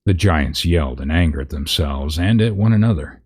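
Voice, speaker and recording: A man's voice: extremely low pitch, expressive, brisk, a little mellow, slightly rough. A man reading a parody fantasy story aloud, breaking off with wry asides about the text. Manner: reads aloud with wry asides at misread words. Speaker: narrator.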